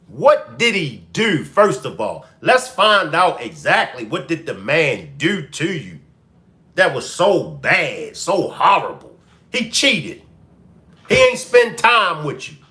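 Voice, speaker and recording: An animated man hosts a live-stream commentary. His voice is bright and fairly high for a man, his pitch swings widely, and he talks slowly, pressing the same question again and again. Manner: animated, repeats questions to the chat. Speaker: commentary show host.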